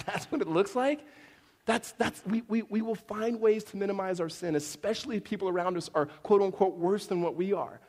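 A middle-aged male pastor with a slightly high voice preaches in a loose, chatty style, slipping in jokes and asking "right?" after his points. His voice rings out with a long reverb trail, as in a large church hall. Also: normal speed, darkish tone. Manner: conversational, jokey storytelling with many "right?" asides. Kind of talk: sermon.

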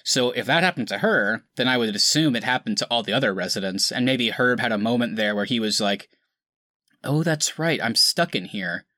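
A man's voice: medium pitch, quick pace, few pauses, sharp tone, dry recording, clean studio sound. A man hosting a casual podcast chat, talking loosely with many "kind of" fillers. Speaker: podcast host.

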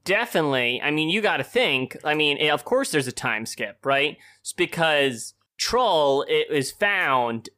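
A man's voice: fairly high pitch, expressive, measured pace, few pauses, pushed and bright. A man hosting a casual book podcast, joking, swearing and laughing as he pushes back on the others. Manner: laughs often, swears, playful pushback. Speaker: podcast host leading book discussion. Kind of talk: casual chat.

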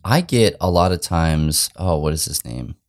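A man in his thirties with a very deep voice that still swings lively up and down as he jokes. He co-hosts a casual chat, telling playful stories in a dry, close recording. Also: moderate pace, dry recording. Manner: joking, playful storyteller. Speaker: podcast co-host.

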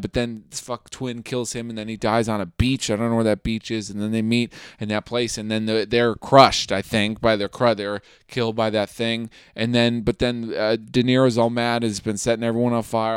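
A young man co-hosting a casual podcast, telling a loose, swearing, jokey recap. His voice is smooth and clear. The close mic leaves it dry, with no room sound. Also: mid-range voice, little pitch movement, moderate pace, hardly any pauses, dry recording. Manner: rambling, jokey, swears freely. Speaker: podcast co-host. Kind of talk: casual comedic recap chat.

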